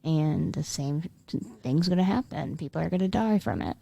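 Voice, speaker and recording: A young woman co-hosting a podcast, talking heatedly in casual chat with quick restarts and swearing. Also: low voice, creaky, warm tone, breathy edge. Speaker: podcast co-host.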